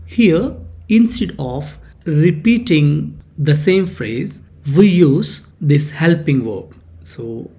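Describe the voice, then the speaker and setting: A teacher talks through a grammar lesson at an unhurried, measured pace. The pitch rises and falls in a lively way, leaning hard on key words in each example sentence and repeating them. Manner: reads example sentences aloud with stress and repetition. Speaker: English teacher. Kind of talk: slow explanatory grammar lesson.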